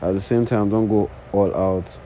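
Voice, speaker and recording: A young man in his early twenties with an accent talks off the top of his head in a low, warm, relaxed voice. He rambles, restarts his sentences and swears casually. A faint background noise sits under the recording. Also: normal speed, low-quality recording. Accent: non-native English accent. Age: early 20s. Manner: rambling, casual, swears often, repeats false starts. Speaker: podcast host. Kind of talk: unscripted solo monologue. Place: sitting on the floor indoors.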